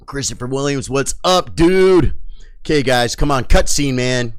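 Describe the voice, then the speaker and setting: A man live-streaming a video game, chatting excitedly with his viewers in a casual, mildly swearing way. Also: mid-range voice, measured pace, dry recording, clean studio sound. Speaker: gaming streamer.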